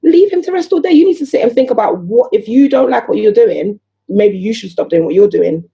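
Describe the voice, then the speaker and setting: A woman talking as a podcast guest in casual conversation. She is animated, fires off rhetorical questions and acts out other people's voices. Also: fairly high pitch, a little fast, highs cut off. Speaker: guest entrepreneur.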